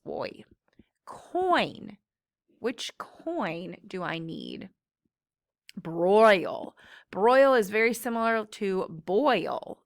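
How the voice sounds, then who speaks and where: A woman teaches a phonics lesson to young children at an unhurried pace. She sounds out each word slowly and patiently, with a middle pitch, and follows it with a simple example. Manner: slow, patient, clearly sounding out words.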